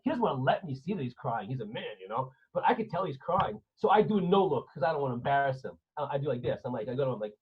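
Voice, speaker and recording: A man, a rabbi, giving an animated storytelling lesson to students and firing questions at them over a video call. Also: mid-range voice, fast, hardly any pauses, slightly rough. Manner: animated, asks listeners questions, acts out scenes. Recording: dull lo-fi online audio.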